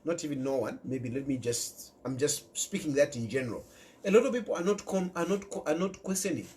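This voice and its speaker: A man's voice: on the high side, lively intonation, normal speed, a little mellow. A Zambian man giving emphatic political commentary, repeating his key points and dropping in local words. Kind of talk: impassioned direct-to-camera commentary.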